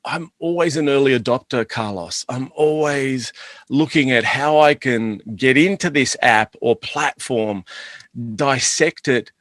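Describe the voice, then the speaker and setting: A man's voice: mid-range voice, unhurried, a bit bright, no room sound. A middle-aged man, a guest on an interview, enthusiastically telling rambling anecdotes about his business. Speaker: guest, chocolate business owner. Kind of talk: casual interview storytelling.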